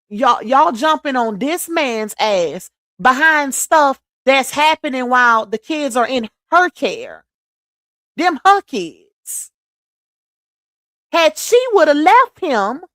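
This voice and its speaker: A woman's voice: sits high, a bit bright, no echo, clean studio sound. A woman from Louisiana hosting a casual livestream, talking bluntly and emphatically straight to her viewers. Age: adult mother. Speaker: livestream host.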